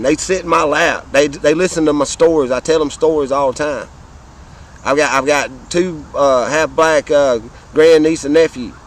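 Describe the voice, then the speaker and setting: A man's voice: on the high side, poor audio. A man in his fifties with a Southern American accent, talking in an impassioned, rambling way outdoors, swearing and often repeating himself. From Southern United States. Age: 50s. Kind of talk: casual monologue to camera.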